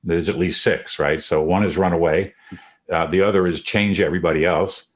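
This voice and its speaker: An older man with a very low voice leads a group talk on leadership. He speaks in a reflective, encouraging way, thinking aloud as he goes. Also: fairly even intonation, brisk. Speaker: host leading a leadership discussion. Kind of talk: conversational coaching talk.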